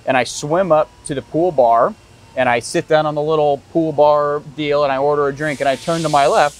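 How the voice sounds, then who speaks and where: Male interviewer, somewhat high pitch, lively anecdote teller who acts out other people's lines. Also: a little fast, slight background noise, rough recording. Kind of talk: casual interview chat.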